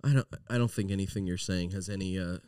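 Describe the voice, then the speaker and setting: A man's voice: low voice, steady tone, a little mellow, clean tone, dry recording, studio quality, distant mic. A man on a comedy podcast, talking bluntly with lots of swearing and laughs. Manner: profane, quick to laugh, blunt. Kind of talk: casual comedy chat.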